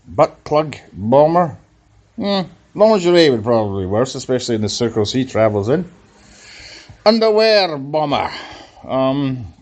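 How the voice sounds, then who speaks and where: A man's voice: medium pitch, a little mellow. A man, a comedian rambling through a comic podcast monologue in a mock-serious way.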